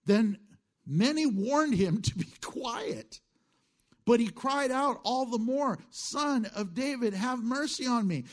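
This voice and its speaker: A middle-aged male pastor preaching a sermon in a conversational way, moving between hushed asides and emphatic lines, chuckling at his own jokes. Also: sits high.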